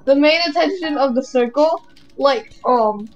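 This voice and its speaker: A woman's voice: sits high, a little slow, muffled recording. A woman chatting casually while playing an online game with a friend, teasing and giggling often as she talks. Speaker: gamer co-host. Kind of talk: casual gaming chat.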